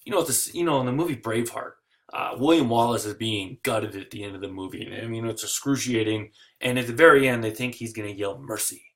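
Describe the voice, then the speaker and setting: A man giving a recorded history lecture, lively and digressive, with jokey asides. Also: mid-range voice, quick pace.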